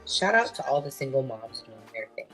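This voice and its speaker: A woman's voice: very deep voice, sing-song, brisk, a bit bright, soft background music. A woman giving an emphatic opinion monologue in a clip, repeating her points for weight. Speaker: commentator in a played clip.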